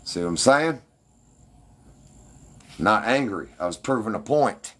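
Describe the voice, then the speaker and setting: A man's voice: on the low side, lively intonation, a little slow, a bit bright. A man ranting defensively and with heavy profanity at his livestream commenters.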